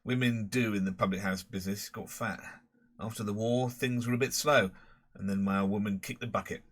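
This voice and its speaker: A man's voice: on the low side, fairly even intonation, fairly quick, fairly bright tone. A man voicing a boastful, rambling middle-aged London pub owner and former crook with a Cockney accent.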